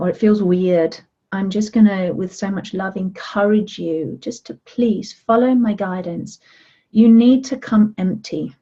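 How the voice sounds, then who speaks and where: A woman leads a guided relaxation in a mellow, dark-toned voice, coaxing and gently insistent as she talks listeners through breathing and touch. The recording sounds a little dull and muffled. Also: medium pitch. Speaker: self-love coach.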